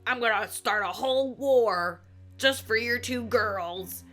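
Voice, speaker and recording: A woman's voice: fairly high pitch, takes it slowly, fairly bright tone, faint music behind. A woman doing an eager ancient Greek statesman.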